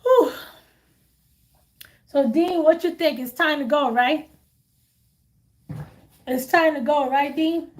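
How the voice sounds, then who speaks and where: A woman hosts a relaxed live stream as a tarot reader and chats freely with her viewers. She tells stories at length and laughs easily. Her voice sits a little higher than most women's. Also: slow pace, long pauses. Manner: chatty storytelling, laughs often. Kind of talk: casual live-stream chat.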